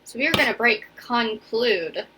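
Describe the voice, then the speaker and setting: In a slightly high voice with lively intonation, a young elementary teacher leads a relaxed video phonics lesson at an unhurried pace, encouraging her viewers and often checking in with "right?" or "okay?". Some background noise can be heard.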